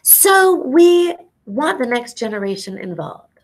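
A middle-aged woman, an ethnobotanist, telling lively stories to students in an animated educational talk over a video call. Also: a little high, slow pace. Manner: animated storyteller, exclamations and acted-out quotes; casual, says y'all.

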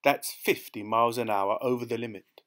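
A man voicing a big, menacing motorcycle policeman who talks softly and mockingly, then barks orders. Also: lowish voice, normal speed, natural voice. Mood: barking. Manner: soft and mocking, then barking.

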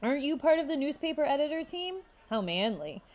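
A woman voicing a confident, sassy teenage girl with quick comebacks in a read-aloud story. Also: mid-range voice, big pitch swings, mellow, a faint crowd, lightly acted.

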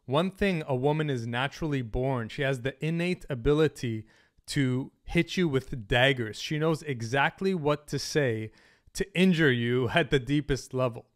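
A man's voice: medium pitch, normal speed. A man giving dating advice straight to camera, blunt and emphatic, swearing freely. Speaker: dating coach. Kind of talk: direct-to-camera advice monologue.

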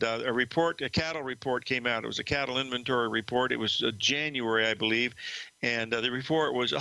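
A man's voice: mid-range voice, gravelly, sharp tone, no room sound, low-quality recording. An older man hosting a trading show, telling a rambling story from his trading days with many fillers and restarts. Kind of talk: storytelling market commentary.

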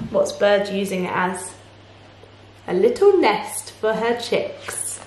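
A woman teacher reads a children's picture book aloud at an unhurried pace. Her voice rises and falls in a lively sing-song, and she stops to ask her young listeners questions. The room adds a clear echo. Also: medium pitch, a little hiss or hum. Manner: slow, warm, playful, asks listeners questions. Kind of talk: children's storybook reading. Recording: echoey room.

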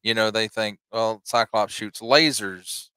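A man co-hosting a podcast, joking and chiming in with quick agreement. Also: lowish voice, steady tone, bright, forceful tone, clear, resonant tone, dry recording, low-quality recording. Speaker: podcast co-host. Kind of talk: casual chat.

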